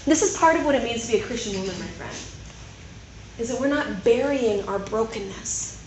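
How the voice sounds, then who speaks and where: A woman preaching to a gathering of Christian women in a chatty, animated way, often checking in with "right?". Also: fairly high pitch, fairly quick. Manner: conversational, animated, keeps asking "right?". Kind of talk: sermon. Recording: echoey room, faint noise.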